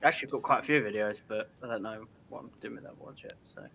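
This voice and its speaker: A man's voice: on the low side, fast talker, gravelly, bright, forceful tone. A man, a livestream guest, chatting casually and sheepishly between laughs. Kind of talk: casual chat.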